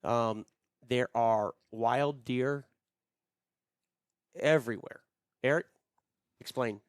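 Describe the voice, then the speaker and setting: A man's voice: mid-range voice, slow, clear, resonant tone, no room sound, clean studio sound. A middle-aged man co-hosting a podcast, telling travel stories in a casual, rambling way with lots of fillers. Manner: rambling, frequent fillers, friendly storytelling. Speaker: podcast co-host. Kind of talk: casual chat.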